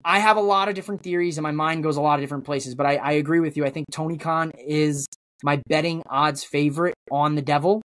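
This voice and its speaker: A man's voice: on the high side, fairly even intonation, fast, a bit bright, no room sound. A man guesting on a wrestling podcast, rambling through theories in casual chat, with lots of restarts.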